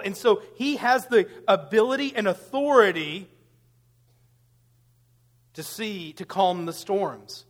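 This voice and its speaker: A man's voice: high voice, fairly bright tone, long reverb tail. A man preaching a sermon, building to emphatic rhetorical questions. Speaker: pastor.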